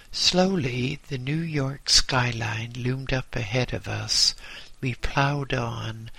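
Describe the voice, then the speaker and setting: A man narrates a first-person story in a slow, deliberate manner. His voice is bright and forceful. The sound is dry and close, with no room around it. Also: medium pitch, creaky, no room sound.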